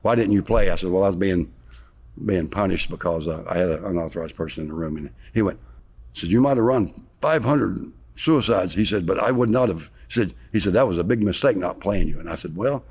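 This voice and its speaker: Low-voiced man, interview guest, rambling animated storyteller. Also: fast, slightly rough. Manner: rambling, animated retelling with sarcasm. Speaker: interview guest, former basketball player.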